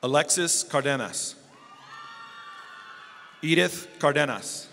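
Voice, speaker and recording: A man calling out graduates' names at a graduation ceremony in a slow, steady way. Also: fairly high pitch, creaky. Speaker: name reader at a graduation. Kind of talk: reading out names. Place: large hall at a school graduation. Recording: echoey hall with crowd noise.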